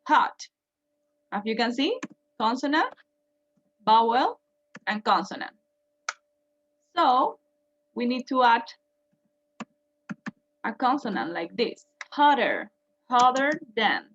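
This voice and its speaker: A woman's voice: on the high side, sing-song, takes it slowly, pauses often, fairly bright tone, dull audio, a little hiss or hum. A woman teaching English grammar, patiently repeating each point and translating it. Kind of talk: bilingual grammar lesson.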